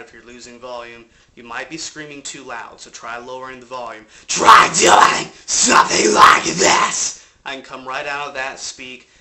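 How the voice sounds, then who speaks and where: A man's voice: medium pitch, sharp tone, slight background noise. A man with a cold, casually explaining vocal technique from his apartment in a loose, rambling way. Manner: loose, rambling explanations with fillers and occasional swearing. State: has a cold. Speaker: vocal coach. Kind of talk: casual instructional talk.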